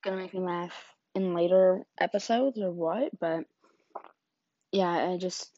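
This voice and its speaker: A woman's voice: lowish voice, measured pace, dark tone, no room sound, muffled recording. Chatty young woman telling stories. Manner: rambling, chatty, lots of fillers; giggly. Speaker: vlogger. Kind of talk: casual storytelling chat.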